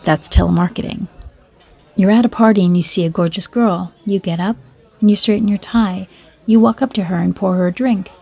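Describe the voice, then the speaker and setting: A woman's voice: medium pitch, steady tone, brisk, creaky, darkish tone, slightly rough. A woman storyteller reading short stories and jokes aloud in a dry, matter-of-fact way.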